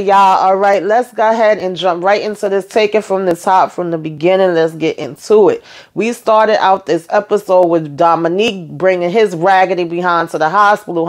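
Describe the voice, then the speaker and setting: A woman hosting her own TV show recap, talking in a sassy, animated way straight to her viewers. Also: medium pitch. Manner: animated, sassy, talks to viewers as y'all and honey. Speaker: TV recap host. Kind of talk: casual recap chat.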